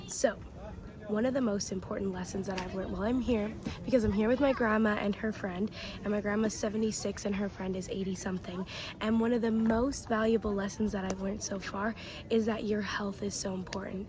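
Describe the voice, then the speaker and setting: A woman's voice: mid-range voice, steady tone, a little fast. A young woman chatting to the camera as she vlogs a hike, sometimes out of breath on the climb. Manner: chatty, talks straight to the camera. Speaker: travel vlogger. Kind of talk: casual vlog narration while hiking. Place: outdoors on a windy mountain trail. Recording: loud wind noise on the phone mic.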